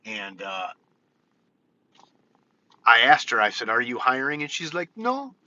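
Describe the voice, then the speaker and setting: A man's voice: medium pitch, unhurried, pushed and bright. Frank, rambling man on dull lo-fi audio. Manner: frank, rambling, counts points off. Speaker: vlogger. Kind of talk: casual vlog monologue. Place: California.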